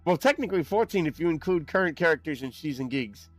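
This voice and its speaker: An excitable young man chats to his stream audience in a rambling, lively way, his pitch bouncing up and down. His voice sits a little high for a man. The mic is close and dry, with faint music underneath. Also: no echo. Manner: excitable, rambling, quick laughs. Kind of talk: casual live-stream chat while gaming.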